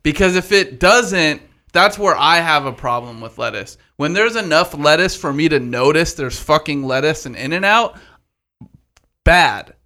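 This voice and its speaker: A man co-hosting a casual podcast chat, talking in an animated, profane way. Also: on the high side, a little slow.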